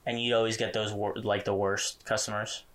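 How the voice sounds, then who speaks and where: A man co-hosting a casual podcast, telling an animated story and chuckling as he goes. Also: on the low side, normal speed. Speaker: podcast co-host. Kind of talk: casual chat.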